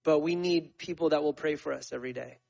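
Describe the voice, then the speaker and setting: A man's voice: fairly high pitch, fast, gravelly, darkish tone, poor audio. A man in his forties, a missionary speaking to his church in a conversational, storytelling sermon full of fillers and restarts. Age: 40s. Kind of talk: sermon testimony.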